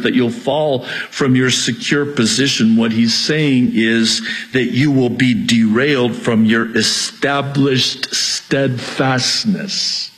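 A man's voice: medium pitch, a bit bright, low-quality recording. A middle-aged male pastor preaching a sermon, exhorting and repeating his key points, with jokes at his own expense.

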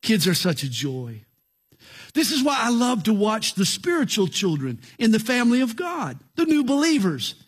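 A middle-aged male pastor delivers an earnest radio sermon. His voice sits high and sounds husky, and it swings widely in pitch and loudness.

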